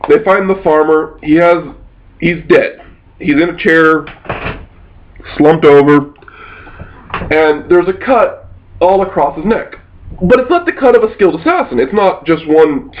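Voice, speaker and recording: A man's voice: high-pitched, animated, unhurried, long pauses, lo-fi sound. A man recounting a tabletop game session as its game master, telling it casually and rambling with frequent restarts and mild swearing.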